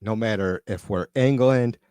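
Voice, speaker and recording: A man's voice: lowish voice, moderate pace, darkish tone, smooth, no echo, clean studio sound. Profane, irritated man ranting on a live stream. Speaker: live stream host reading viewer comments. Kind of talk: casual live-stream rant. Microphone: computer mic on a live stream.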